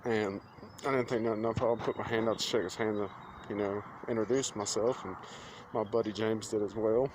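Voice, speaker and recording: A man's voice: on the low side, steady tone, a little fast. Earnest man telling a story. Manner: plain-spoken, earnest, quotes others in conversation. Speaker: vlogger. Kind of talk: casual storytelling to camera. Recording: faint outdoor street noise.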